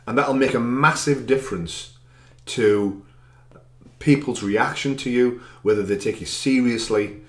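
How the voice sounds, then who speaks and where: A man's voice: mid-range voice, unhurried, reverberant. A man working as an anxiety coach gives a direct, encouraging self-help talk, stressing chosen words with extra volume.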